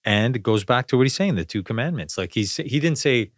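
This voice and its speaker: A man's voice: medium pitch, expressive, a little fast, dry recording, clean studio sound. A man hosting a podcast, talking in a rambling, reflective way with lots of fillers and restarts. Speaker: podcast host. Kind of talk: casual spiritual conversation.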